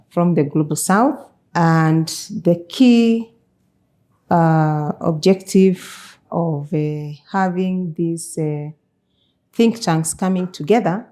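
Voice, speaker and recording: A woman guest being interviewed, speaking slowly and deliberately with frequent pauses and hesitations. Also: lowish voice, mellow. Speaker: chair of a steering committee, guest. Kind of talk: conversational interview.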